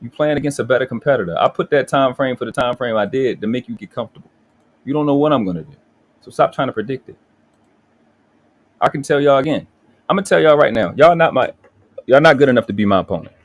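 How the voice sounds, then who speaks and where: A man's voice: medium pitch, lively intonation, fast, highs cut off. A man hosting a live stream, ranting angrily with profanity and frequent restarts. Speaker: livestream host. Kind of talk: heated livestream talk.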